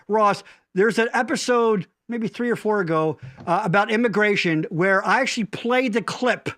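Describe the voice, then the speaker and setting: A man's voice: sits high, a bit bright, no echo, studio quality. A man hosting a podcast in casual chat who rambles, restarts sentences and jokes with profanity. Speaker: podcast host.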